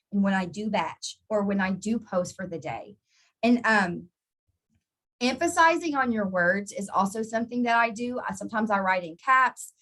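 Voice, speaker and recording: A woman's voice: medium pitch, a bit bright. Chatty woman coaching her team live. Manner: chatty, repeats words and restarts often; encouraging, answers viewers by name. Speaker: network marketing team trainer. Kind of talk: casual live training talk.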